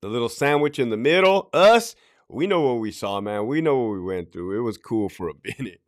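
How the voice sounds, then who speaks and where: A middle-aged man tells blunt, profane stories on a casual podcast. He acts out quotes in other voices as he goes. His pitch swings widely from low to high. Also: lively intonation, brisk. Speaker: podcast host, former correctional officer.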